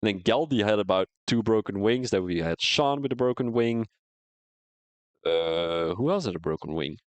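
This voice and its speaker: A man with a lowish, animated voice chats casually at the end of a sim racing league live stream he has been commentating. Speaking at a moderate pace into a headset mic with no room sound, he answers viewers' comments as he goes.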